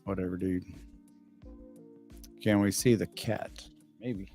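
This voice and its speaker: A man's voice: low-pitched, fairly even intonation, slow pace, warm tone, soft background music. A middle-aged man chatting casually on a livestream, bluntly and with lots of swearing, as he reads out and answers viewer comments. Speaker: livestreaming father answering chat.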